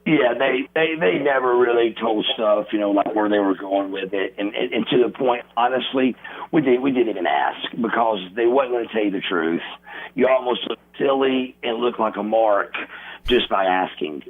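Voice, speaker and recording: A man telling wrestling stories as an interview guest, animated and acting out crowd reactions and quotes. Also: mid-range voice, moderate pace. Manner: animated storyteller, acts out crowd noises and quotes. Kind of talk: casual storytelling interview. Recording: tinny phone line.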